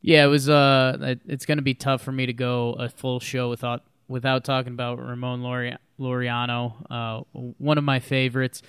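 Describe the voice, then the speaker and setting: A man's voice: mid-range voice, flat delivery, moderate pace, hardly any pauses, a bit bright, smooth, no room sound, clean studio sound. A man co-hosting a casual sports podcast, retelling a moment with enthusiasm and laughter. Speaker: podcast co-host.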